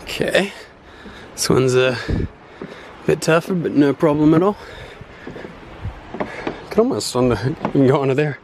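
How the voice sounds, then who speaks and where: An Australian man vlogging casually outdoors, rambling and swearing, turning animated when he tells a story. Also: on the high side, unhurried, pauses often. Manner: rambling, profane, animated when telling stories. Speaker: travel vlogger. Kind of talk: casual walking vlog. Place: outdoors by a windy beach and city road. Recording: wind and traffic noise outdoors.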